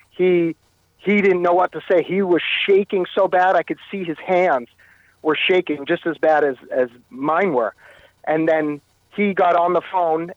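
A man recounting a personal story as an interview guest, halting and often repeating his words. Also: high-pitched, no echo, highs cut off. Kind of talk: telling a personal story in conversation.

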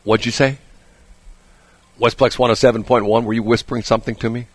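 A male radio host chatting casually in a studio, telling stories animatedly and laughing often, his voice a bit hoarse. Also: mid-range voice, fairly even intonation, a little fast, dry recording. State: slightly hoarse. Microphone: studio microphone.

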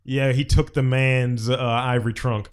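A man's voice: medium pitch, level tone, a little slow, clean tone. A man co-hosting a comedy podcast, reading odd news stories aloud and laughing often. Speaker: podcast co-host. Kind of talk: casual comedic chat.

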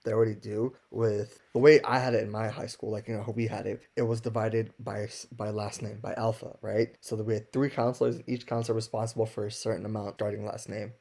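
A man's voice: lowish voice, level tone, quick pace, gravelly, few pauses, darkish tone. A young man co-hosting a podcast, telling stories in a loose, filler-heavy way. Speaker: podcast co-host. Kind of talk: casual podcast chat.

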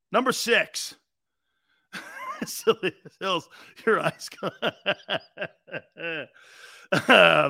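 A middle-aged man hosting a sports talk radio show, loud and joking, laughing often as he rambles. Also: a little high, creaky, no echo, clean studio sound.

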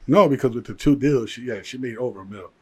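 A man, a jeweler and entrepreneur, telling his life story in a casual interview, animated and full of "like" fillers. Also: medium pitch, fast talker, breathy edge.

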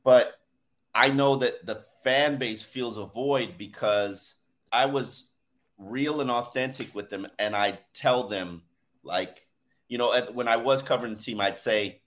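Animated man in casual sports chat. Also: medium pitch, measured pace. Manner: animated, emphatic, laughs while telling stories. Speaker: sports podcast host and former beat reporter.

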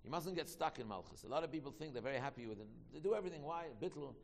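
A man teaching a Torah class, talking quickly, repeating himself and restarting phrases. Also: fairly high pitch, lively intonation, creaky, long reverb tail. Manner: quick, repetitive, with many restarts.

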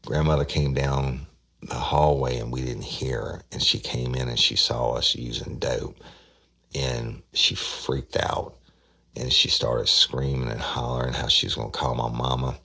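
Male storyteller, very deep gravelly voice, loose conversational drawl. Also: flat delivery, a little slow, sharp tone. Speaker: podcast host telling a true story. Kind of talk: casual storytelling.

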